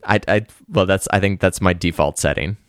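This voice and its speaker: A man co-hosting a podcast with deadpan, joking banter. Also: low voice, a little fast, clean tone, no room sound, clean studio sound. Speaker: podcast co-host. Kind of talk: casual chat.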